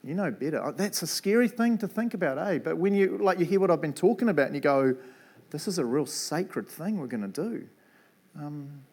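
Chatty New Zealand preacher. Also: male voice, fairly high pitch, darkish tone. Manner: casual and chatty, lots of "eh" and "right". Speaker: preacher and Bible college principal. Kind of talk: sermon.

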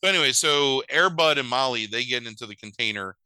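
A man hosting a podcast who recaps a movie in a sarcastic, profane, animated way. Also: mid-range voice, fast, smooth, no room sound, low-quality recording.

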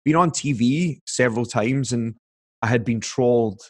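A man's voice: mid-range voice, normal speed. Chatty young man telling a story. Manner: chatty, filler-heavy, acts out quoted voices. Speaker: guest. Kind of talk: casual storytelling chat.

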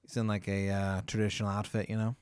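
A man's voice: lowish voice, level tone, quick pace, darkish tone, clear, resonant tone, no echo. A man hosting a comedy podcast, spinning a long hypothetical story in a rambling way, full of "like" and "uh". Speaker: podcast host.

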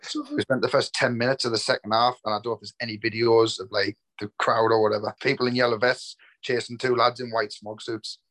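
A man, co-hosting a podcast and telling a funny memory in casual chat, quick and laughing. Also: medium pitch, flat delivery, a bit bright.

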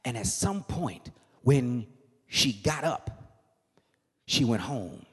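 Husky-voiced preacher with dramatic shouts. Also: male voice, medium pitch, expressive, slow pace. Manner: dramatic swings from hushed to shouted, singsong cadence. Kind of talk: sermon. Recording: long hall reverb.

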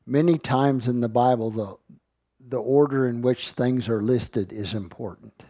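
A man's voice: mid-range voice, a little slow, mellow, dry recording, dull audio. A man giving an earnest sermon, reading scripture aloud and often repeating words as he finds his thought. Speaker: Bible teacher.

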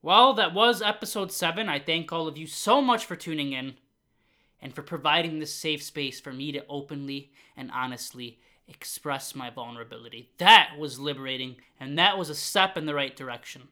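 A man's voice: a little high, normal speed. A man hosting his own podcast, talking through his struggles in an earnest, uplifting monologue and repeating phrases for emphasis. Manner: grows loud and fired up at times. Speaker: podcast host.

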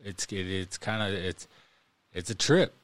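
A man with a fairly low voice chats casually as a podcast co-host. He wanders through his thoughts with plenty of fillers but stays earnest and encouraging. The sound is dry, with no room around him. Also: measured pace, fairly bright tone, dry recording. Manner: rambling, heavy on fillers like "like, man".

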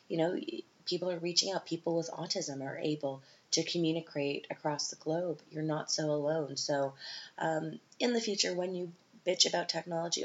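A woman hosting her own podcast, talking candidly in a casual monologue with many fillers and self-corrections. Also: deep voice. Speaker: podcast host and mother. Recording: slightly muffled with faint hiss.

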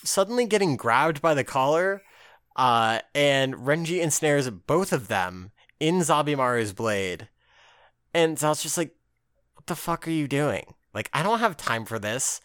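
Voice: medium pitch, fairly bright tone, clean tone, no room sound, clean studio sound. A podcast co-host in casual recap chat, laughing often, swearing freely and acting out the characters' lines.

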